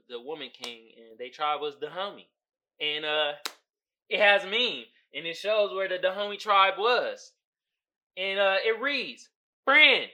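A male podcast host riffing through casual comedic commentary. His voice is bright and edgy, and his pitch leaps around constantly. He drifts between quiet muttering and loud, profane bursts, laughing as he goes. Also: slight background noise. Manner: animated, swings from mumbling to loud outbursts, swears and laughs often.

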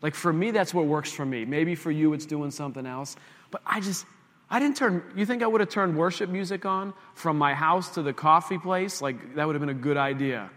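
A man preaching in a loose, story-driven way, laughing at his own mishaps and turning to the congregation for agreement. His voice sits a bit high for a man. The sound carries a long reverb from a large hall. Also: brisk. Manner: animated, self-mocking anecdote with direct asides to the congregation. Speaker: pastor. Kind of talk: conversational sermon storytelling.

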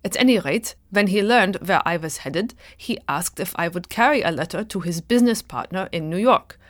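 A man's voice: sits high, lively intonation, normal speed, a bit bright, no echo, clean studio sound. A woman voicing a frightened, illiterate young German prisoner who pleads and protests in a raised voice. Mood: explaining.

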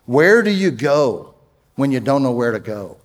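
A middle-aged man preaching a sermon as pastor, emphatic and rising loud when he quotes scripture. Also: mid-range voice, big pitch swings, unhurried, long reverb tail. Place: church sanctuary.

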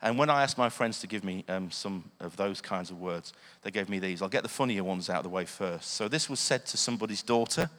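A man's voice: low voice, expressive, fairly quick, hardly any pauses, fairly bright tone. A man preaching a sermon, earnest, often asking the listeners questions. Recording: long hall reverb.

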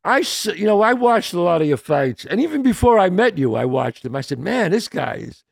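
A man's voice: high voice, big pitch swings, brisk, vocal fry. A man hosting a podcast, chatting casually with his guest and often chiming in to agree. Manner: encouraging, frequent short agreements. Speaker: podcast host. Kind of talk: casual interview chat.

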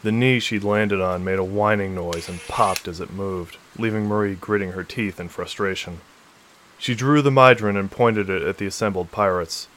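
A man narrating a science-fiction novel in a steady, measured reading. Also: fairly low pitch, a little hiss or hum. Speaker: audiobook narrator. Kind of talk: scripted narration.

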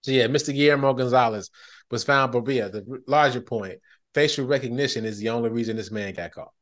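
A man hosting a podcast in casual chat, animated and breaking into loud excited bursts. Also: medium pitch, fast talker. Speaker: podcast host.

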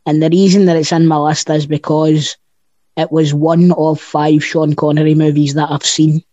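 A man's voice: fairly high pitch, flat delivery, normal speed, mellow, no echo. A man, chatting casually about films and cracking jokes. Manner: jokey, swears, storytelling. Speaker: podcast co-host. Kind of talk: casual chat. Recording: dull lo-fi dry sound.

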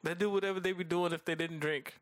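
A man in a casual chat, teasing his friend and laughing often between quick asides. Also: high-pitched, fairly even intonation, dry recording.

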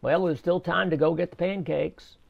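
Man, fairly high and gravelly voice, casual faith testimony, halting, repeats himself. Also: fairly even intonation, lo-fi sound. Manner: slow, halting storytelling with repeated words. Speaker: storyteller sharing a personal faith testimony.

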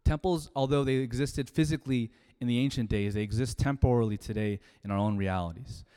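A man's voice: medium pitch, brisk, smooth. Man preaching in a reverberant hall. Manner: storytelling, conversational with sudden loud emphasis. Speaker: pastor. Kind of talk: sermon.

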